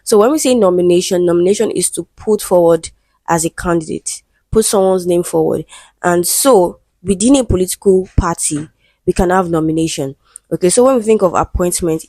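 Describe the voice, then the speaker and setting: Woman tutoring, low mellow voice. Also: no echo, clean studio sound. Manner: patient step-by-step explaining, frequent "okay?" checks. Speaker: English exam tutor. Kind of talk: exam-prep lesson explaining answers.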